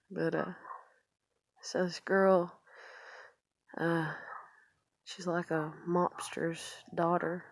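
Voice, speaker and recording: Woman, low gravelly voice, dry close sound, rambling confessional vlog, whispered asides. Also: level tone, drawn-out words, pauses often, dry recording. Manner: rambling, frequent fillers, trailing into whispered asides. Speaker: vlogger.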